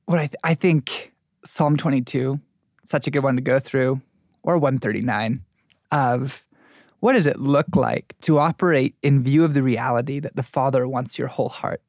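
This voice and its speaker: A man in a casual faith discussion, retelling a scripture story with lively acted-out quotes. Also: mid-range voice, moderate pace, no echo, clean studio sound.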